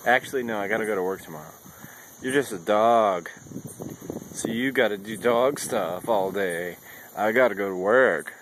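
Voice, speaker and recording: A young man chatting casually to his dog at home, rambling and a little tipsy, switching into a high playful voice for the dog. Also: moderate pace, fairly bright tone, slight background noise. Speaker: vlogger. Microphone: phone camera.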